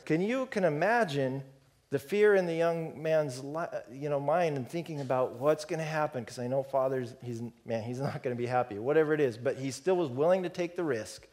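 A man preaching a sermon in a relaxed, storytelling way, acting out the characters. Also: a little high, a little fast.

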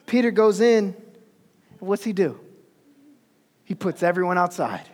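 A man preaching in a casual, animated way, retelling a story with slang and asides. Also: high voice, a little slow. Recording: long hall reverb.

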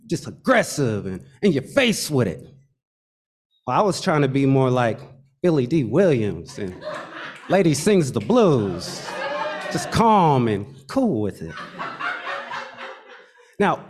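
A man telling a true personal story, expressive and wry, building suspense with pauses. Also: fairly high pitch.

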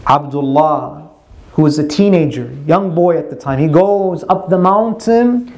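A religious speaker with a notably high voice narrates a religious story in lecture form at a measured pace. He quotes lines in Arabic, then explains them in translation, keeping the storytelling flowing steadily.

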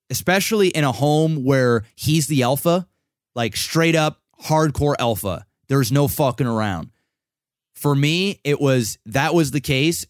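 A man's voice: mid-range voice, no room sound, clean studio sound. A young man co-hosting a podcast, telling a long personal story in casual, profane chat full of restarts. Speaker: podcast co-host.

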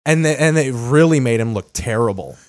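A man's voice: medium pitch, expressive, brisk. A man with a Chicago accent co-hosting a podcast in blunt, profane casual chat. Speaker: podcast co-host.

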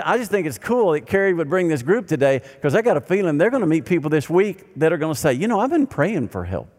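An older man preaching a sermon as pastor, animated and then dropping to quiet emphasis. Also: on the high side. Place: church sanctuary. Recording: long reverb of a large hall.

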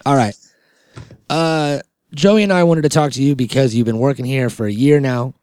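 A man hosting a comedy podcast, rambling in casual chat and deadpan mock-boss banter. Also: mid-range voice, fast talker, clear, resonant tone, no room sound, studio quality. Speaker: podcast host.

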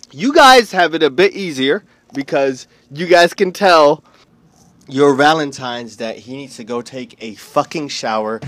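A man's voice: mid-range voice, fairly bright tone, dry recording. A man in his twenties from the United States, delivering a rambling, profane comedic rant.

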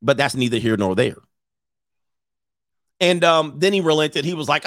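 A man's voice: a little high, moderate pace, no room sound, studio quality. A man hosting a casual livestream, telling stories with lots of laughter and reading viewer comments aloud. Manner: animated storyteller who laughs often. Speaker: host of a livestream show.

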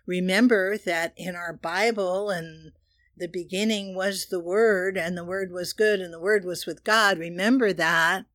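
A woman's voice: on the low side, fairly bright tone, dry recording, clean studio sound. A woman giving a metaphysical spiritual teaching, earnest and leading listeners in repeated affirmations.

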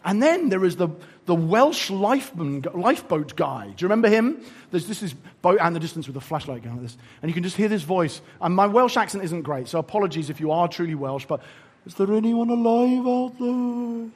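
A male preacher giving a sermon in an animated, humorous, conversational way. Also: high voice, fast, slightly rough.

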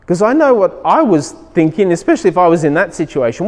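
A man's voice: high voice, big pitch swings, fast talker. A man preaching a sermon as pastor, telling stories with emphatic rising lines. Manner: storytelling, acts out child's voice, emphatic rises. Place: church hall. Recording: long reverb of a hall.

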